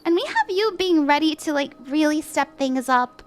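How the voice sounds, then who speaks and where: High-voiced chatty woman reading tarot. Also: animated, normal speed, soft background music. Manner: chatty, upbeat, full of "like" and "you know", laughs often. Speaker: tarot reader and stream host. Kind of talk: casual livestream tarot reading.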